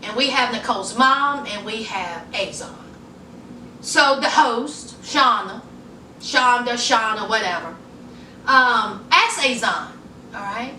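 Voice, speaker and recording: Sassy lady gossiping about a tv show, high bright voice, kinda far from the mic in an echoey room. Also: animated, slow, slight background noise. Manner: sassy, talks straight to viewers with y'all and honey; acts out quoted people in a higher voice. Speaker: vlogger recapping a reality show. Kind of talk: casual chatty recap.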